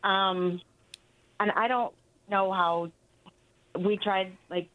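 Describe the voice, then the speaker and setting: A woman's voice: medium pitch, fairly even intonation, takes it slowly, no echo. A woman calling a radio show to ask about her dog, speaking hesitantly with lots of fillers. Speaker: caller. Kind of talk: phone-in question. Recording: tinny phone line.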